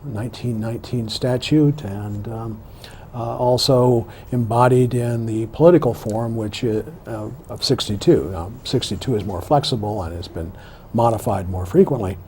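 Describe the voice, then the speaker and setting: A man, a political science professor, explaining his views as a guest on a TV interview in a measured way, with some restarts. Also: medium pitch, darkish tone, slight background noise. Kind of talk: studio interview.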